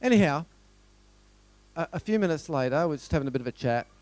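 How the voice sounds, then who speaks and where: A middle-aged Australian motivational speaker tells stories conversationally to a live audience, full of rhetorical questions. His voice is a little high and a little mellow, expressive and fast, with no echo.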